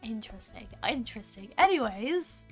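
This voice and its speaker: A young woman streaming casually, chatty and excitable, swearing freely, suffering from hiccups. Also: fairly high pitch, moderate pace, slightly rough, faint music behind. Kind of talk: casual livestream reaction.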